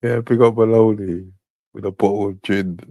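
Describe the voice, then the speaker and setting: A man's voice: lowish voice, fairly even intonation, normal speed, dark tone, no room sound. A young man hosting a show, commenting on clips with frequent laughter and mockery. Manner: laughing, mocking. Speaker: host.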